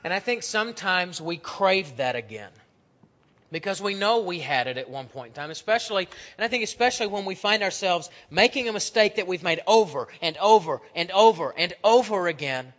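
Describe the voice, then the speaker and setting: A man preaching a sermon with a voice pitched a bit above the usual for a man. He tells stories and acts out the voices in them, swinging from loud passages to hushed ones. The recording sounds dull and lo-fi. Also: expressive, a little fast.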